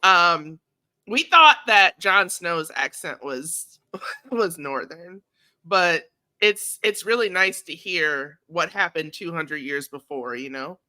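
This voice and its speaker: Bright, clear-voiced female podcast co-host, dry close recording. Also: on the low side, expressive, takes it slowly, dry recording. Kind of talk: casual podcast chat.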